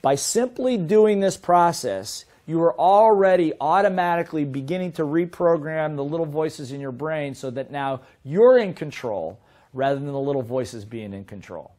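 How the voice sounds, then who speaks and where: A middle-aged man teaching a sales seminar in a lively way, often asking his listeners questions. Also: fairly high pitch, normal speed. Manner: lively, asks the audience questions. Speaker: sales trainer.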